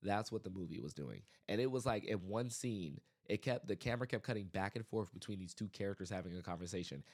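A man hosting his own podcast, giving a casual, animated movie review full of exasperated rants and restarts. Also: fairly low pitch, fast. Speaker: podcast host.

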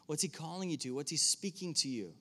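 This preacher speaks quickly and expressively, his fairly high voice pushed and bright. He addresses the church room casually, asking the audience questions directly as he delivers his sermon.

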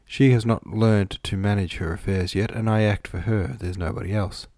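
A brisk, motherly older housekeeper, as a man voices her in a storybook reading, bustling and practical. The voice sits a little higher than his own low, dry tone. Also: steady tone, darkish tone, no echo, close to an everyday voice.

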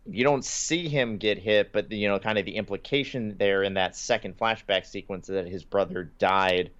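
A man's voice: lowish voice, moderate pace, fairly bright tone. A man co-hosting a casual podcast, retelling cartoon scenes and quoting lines with little laughs. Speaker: podcast co-host. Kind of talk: casual chat. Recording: slightly dull lo-fi podcast audio.

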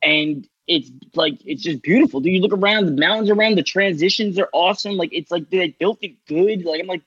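A man from Long Island talks as a podcast guest with a slightly high, husky voice. His speech is loose and rambling, packed with filler and casual swearing. The sound is dry and a bit muffled. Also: a little fast, fairly bright tone, dry recording. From Long Island, New York. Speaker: guest, artist.

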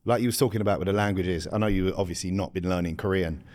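Low-voiced man in casual podcast banter. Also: darkish tone. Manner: laid-back, swearing, quick laughs. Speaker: podcast co-host.

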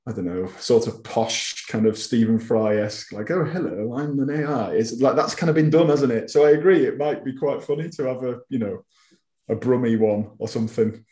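A man's voice: mid-range voice, moderate pace, dark tone. A man with a Wigan accent, an author chatting as an interview guest, self-deprecating, with frequent stammered restarts. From Wigan, England. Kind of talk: casual interview chat. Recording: echoey room.

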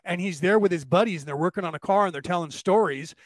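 Male host, high voice, dry close sound, animated storyteller who plays out the quotes. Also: fast, no room sound. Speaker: podcast host. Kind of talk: casual storytelling conversation.

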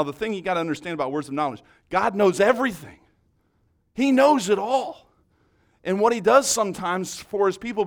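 Pastor, man, casual storytelling preacher, voice a bit higher than usual. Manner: storytelling, conversational, with frequent restarts. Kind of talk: sermon.

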